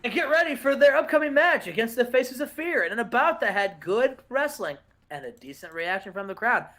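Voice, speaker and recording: A man's voice: very high voice, very animated, fairly quick, fairly bright tone. A man doing let's-play commentary on a wrestling game in a mock announcer style. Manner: mock sports-announcer delivery.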